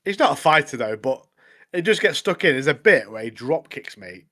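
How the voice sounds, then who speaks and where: This podcast co-host has a medium-pitched, bright, forceful voice, very animated but at normal speed. He chats casually and eagerly, full of slang and constantly saying "mate."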